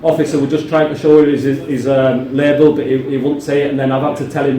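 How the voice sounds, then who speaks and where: A man's voice: a little high, steady tone, quick pace, hardly any pauses, mellow, distant mic. A man filming a confrontation with police at a station counter, talking passionately and insistently and calling everyone mate. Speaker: citizen journalist filming police. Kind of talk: heated confrontation on camera. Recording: echoey lobby, off-mic, busy background.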